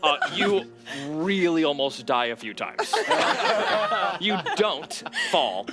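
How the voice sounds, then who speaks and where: A man's voice: fairly high pitch, lively intonation, extremely slow, loud music behind the voice. A man narrating as game master, explaining the rules and the story in a playful way and laughing often.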